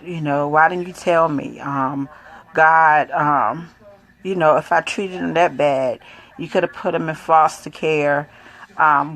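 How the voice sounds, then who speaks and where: Middle-aged woman, personal testimony, low voice, slow and halting, soft and emotional. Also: low-quality recording. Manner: halting, hesitant, with many pauses and fillers; soft, quiet, emotional delivery. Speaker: grieving mother sharing her faith.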